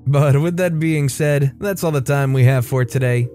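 A man hosting a storytelling channel, reading online stories aloud and adding relaxed, conversational asides. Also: medium pitch, normal speed, few pauses, faint music behind.

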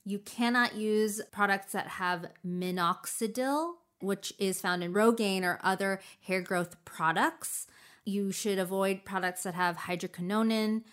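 A woman's voice: medium pitch, steady tone, measured pace, a bit bright. A young woman hosting a casual beauty podcast, giggly and tripping over long words. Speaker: podcast host.

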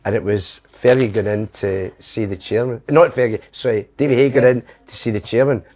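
A man's voice: mid-range voice, fairly even intonation, brisk, a little mellow. A middle-aged Scottish man telling rambling comic anecdotes, slipping into quoted voices. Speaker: comedian guest. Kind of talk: casual storytelling.

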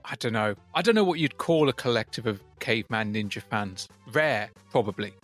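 A man's voice: lowish voice, animated, a little fast, a bit bright, soft background music. A man co-hosting a casual retro gaming podcast, wry and joking as he reads out old magazine letters. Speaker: podcast co-host.

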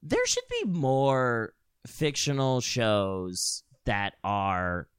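A man's voice: medium pitch, very animated, drawn-out words, clear, resonant tone, no echo, studio quality. A man hosting a podcast, chatting casually with sardonic, escalating riffs. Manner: riffing, sardonic, escalating rants. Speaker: podcast host. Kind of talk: casual chat.

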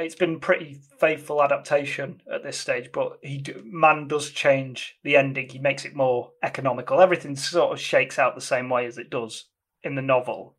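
A man talks through a film's story in a loose, rambling way. He stops to correct himself often and keeps adding details as he goes. His voice sits at an ordinary middle pitch. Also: a bit bright. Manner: rambling, self-correcting, explanatory. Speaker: podcast co-host discussing a film. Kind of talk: casual film discussion.

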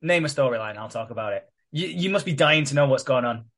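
A man's voice: mid-range voice, lively intonation, quick pace, fairly bright tone. A man co-hosting a podcast, recapping a soap storyline in a rambling, sweary way. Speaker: podcast co-host. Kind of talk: casual recap chat.

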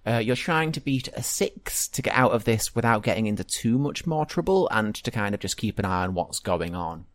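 A man, narrating and running a tabletop role-playing game, pausing often with fillers and restarts. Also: on the low side, expressive, dry recording. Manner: hesitant, with many fillers and restarts. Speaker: game master.

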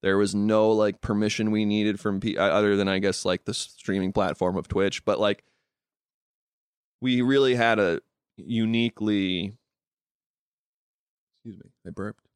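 A man's voice: on the low side, completely flat delivery, a little fast, clear, resonant tone, dry recording, studio quality. A young man, a comedian, talking in a loose, rambling casual conversation full of "like" and restarts. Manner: loose and rambling, heavy use of "like". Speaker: comedian and podcast guest.

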